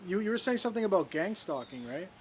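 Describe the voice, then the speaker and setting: A man's voice: high voice, very animated, fast. Man giving short prompts over noise. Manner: brief reactions and prompts. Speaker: podcast co-host. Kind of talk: casual chat.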